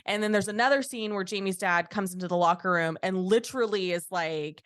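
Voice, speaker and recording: A woman hosts a casual podcast chat, talking in an animated way and slipping into quoted voices. Her voice sits at an ordinary middle pitch. The recording is dry and close. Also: a little fast, smooth, no echo. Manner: animated, swears freely, acts out quotes. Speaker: podcast host.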